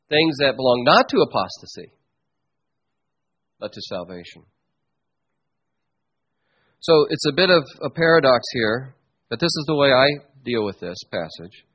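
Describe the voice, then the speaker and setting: Husky-voiced man preaching a sermon. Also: mid-range voice, sing-song, moderate pace, pauses often. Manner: emphatic teaching, swings between loud stresses and quiet asides. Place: church.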